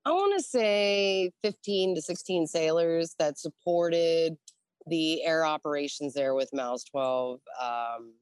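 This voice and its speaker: A woman's voice: deep voice, slow pace, smooth, dry recording, clean studio sound. A woman in her forties, a Navy veteran, telling stories in a casual interview, profane and laughing often. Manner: lively, profane, laughs often, acts out dialogue.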